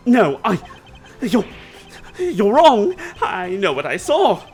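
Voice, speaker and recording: A man putting on a sleazy male witness with an exaggerated Southern drawl, who blusters and snaps back at every question. His voice swings high and wide as he defends himself in this game voice-over. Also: huge pitch swings, slow pace, slightly rough, soft background music, exaggerated voice. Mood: defensive blustering. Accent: put-on Southern US.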